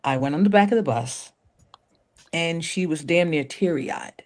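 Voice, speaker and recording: A woman, a guest singer, chatting in an interview and telling animated stories. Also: deep voice, unhurried. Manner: animated storyteller, acts out quotes. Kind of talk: casual interview chat.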